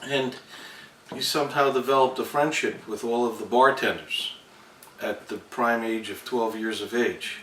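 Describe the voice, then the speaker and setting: A man's voice: medium pitch, unhurried, pushed and bright. A man telling a dry, anecdotal story about a family trip. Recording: echoey room, distant mic, faint noise.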